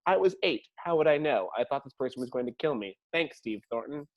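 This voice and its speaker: A young man hosting a podcast, chatting casually and telling stories in an animated way, laughing and swearing freely. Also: medium pitch, fairly quick. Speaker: podcast host. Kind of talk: casual chat.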